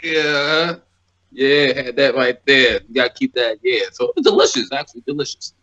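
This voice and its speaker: A man's voice: medium pitch, lively intonation, normal speed, sharp tone, dull audio. A man talking casually as a guest on a podcast, a laid-back storyteller who laughs often.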